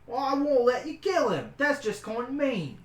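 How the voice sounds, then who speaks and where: A game master voicing a huge, brash woman jailer who talks loud and blunt. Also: sits high, sing-song, moderate pace, roomy sound, voice pushed up. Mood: angry. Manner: loud, blunt and defiant, shouting at times.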